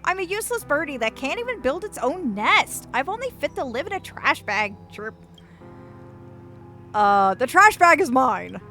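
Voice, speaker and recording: A woman's voice: very animated, moderate pace, sharp tone, soft background music, full character voice. A woman voicing a gloomy, self-pitying little origami bird from a game, chirping as she talks. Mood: mopey. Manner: chirping, whiny and squeaky.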